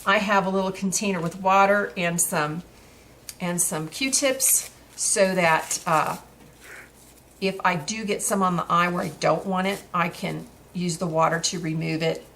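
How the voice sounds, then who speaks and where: A woman's voice: lowish voice, steady tone, a little slow, a bit bright, a little hiss or hum. A woman talking through a craft tutorial in a chatty way while she works, with frequent fillers and restarts.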